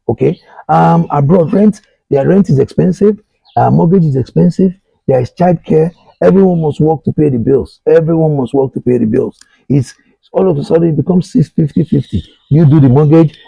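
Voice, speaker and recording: A middle-aged man with a Nigerian accent talks earnestly to his listeners, circling back to the same questions. His voice is deeply gravelly and very dark, with a husky edge. The sound is dull and lo-fi. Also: dry recording. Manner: earnest, repetitive, addresses listeners directly. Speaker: host. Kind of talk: advice monologue.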